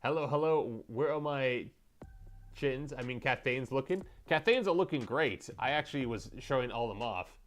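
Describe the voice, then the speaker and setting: A man's voice: mid-range voice, expressive, moderate pace. A young man livestreaming as he paints miniatures, rambling and joking with his chat.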